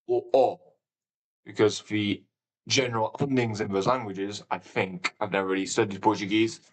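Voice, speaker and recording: A man's voice: on the low side, poor audio. A man live-streaming a game, talking casually and thinking aloud, with a rambling manner and sudden exclamations. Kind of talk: casual live commentary while playing.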